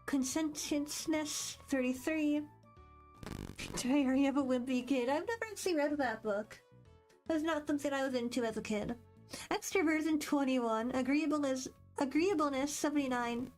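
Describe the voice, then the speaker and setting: A woman's voice: high voice, normal speed, a little mellow. A young woman streaming, chatting casually and rambling as she reads quiz questions aloud with a bubbly, self-deprecating manner. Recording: faint background music.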